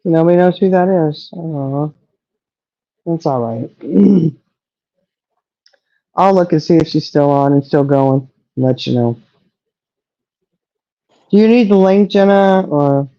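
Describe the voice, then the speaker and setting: A woman's voice: low-pitched, a little slow, pauses often, warm tone, no room sound, dull audio. A middle-aged woman chatting casually as a livestream co-host, rambling and trailing off as she talks. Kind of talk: casual chat.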